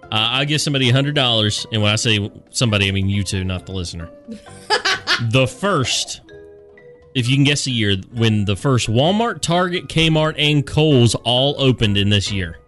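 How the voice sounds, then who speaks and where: A man's voice: medium pitch, big pitch swings, moderate pace, a bit bright, soft background music. A man hosting a radio show, upbeat and teasing, laughing often with his co-hosts. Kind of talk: casual studio banter.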